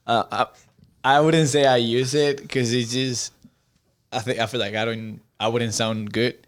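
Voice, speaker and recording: A man's voice: medium pitch, steady tone, a little slow. A man who is a guest on a podcast, chatting casually, hesitant and stammering, with frequent laughter. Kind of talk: casual chat.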